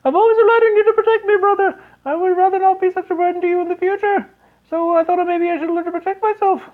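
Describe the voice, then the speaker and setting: A man voicing a gentle, proper young princess in a high falsetto. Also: fairly even intonation, quick pace, phone-quality sound. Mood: prim.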